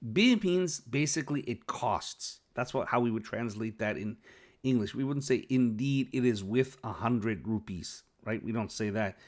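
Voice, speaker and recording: A man's voice: mid-range voice, expressive, normal speed. A man teaching Arabic, reading phrases from a dialogue aloud, translating them and explaining the grammar, often checking in with "okay?".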